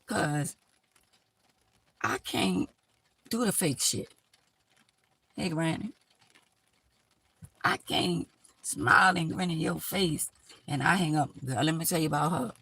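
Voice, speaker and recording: Gravelly, blunt woman live-streaming. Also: low-pitched, slow pace, pauses often, a bit bright. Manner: blunt, emphatic, preachy street-talk. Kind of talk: casual live-stream monologue giving life advice.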